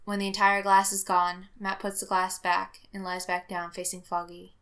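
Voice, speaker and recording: Woman narrator, bright and expressive, reads fiction aloud. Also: medium pitch, normal speed. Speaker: reader. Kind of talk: audiobook narration of fan fiction.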